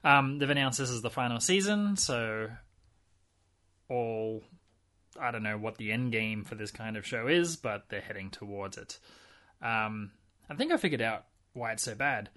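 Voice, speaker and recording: A man's voice: mid-range voice, lively intonation, normal speed, bright, forceful tone. A man co-hosting a podcast in casual chat, rambling and wry, with many fillers and restarts. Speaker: podcast co-host.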